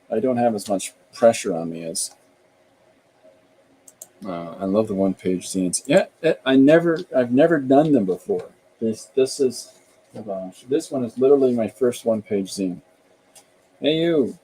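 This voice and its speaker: A man's voice: lowish voice, mellow, slight background noise, rough recording. A middle-aged man from Canada, a podcast host and author, chatting casually and thinking aloud with frequent restarts.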